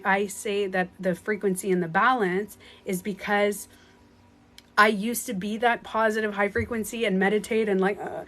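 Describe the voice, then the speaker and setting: A woman's voice: medium pitch, a bit bright. A woman hosting a casual phone livestream from home as a spiritual life coach, talking earnestly, rambling and often laughing.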